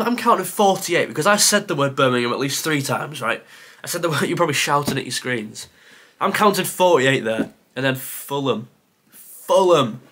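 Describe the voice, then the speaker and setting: A man's voice: fairly high pitch, bright, forceful tone, a little hiss or hum. A man who creates football content, thinking aloud to himself during a timed quiz, muttering and sighing with self-deprecating asides.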